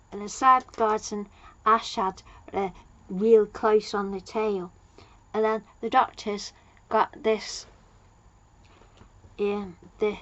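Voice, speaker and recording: A woman at a middle pitch talks through a TV episode in a loose, chatty recap, stopping to find her place and padding with fillers. The audio sounds a little dull and lo-fi. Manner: rambling, loses her place, many fillers. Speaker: TV episode reviewer.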